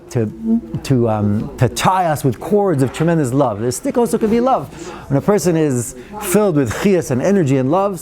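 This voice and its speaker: Male rabbi, mellow slightly high voice, animated storytelling Torah lecturer. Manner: animated storyteller, acts out quoted lines, mixes in Hebrew and Yiddish terms. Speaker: rabbi teaching a weekly class.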